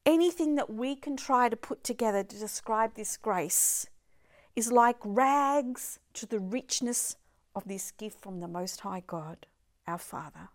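An older woman giving an emphatic devotional talk, sometimes dropping her voice to a soft whisper. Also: fairly high pitch, unhurried. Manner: expressive, piles up words of praise. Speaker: Christian devotional speaker.

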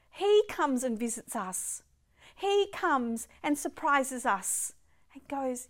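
An older woman giving an emphatic devotional talk, sometimes dropping her voice to a soft whisper. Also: sits high, measured pace. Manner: expressive, piles up words of praise. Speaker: Christian devotional speaker.

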